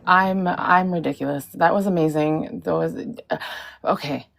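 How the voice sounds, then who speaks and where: A woman caller on a live stream, stammering and tongue-tied, deeply moved. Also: normal speed, gravelly, slight background noise. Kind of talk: casual live-stream chat.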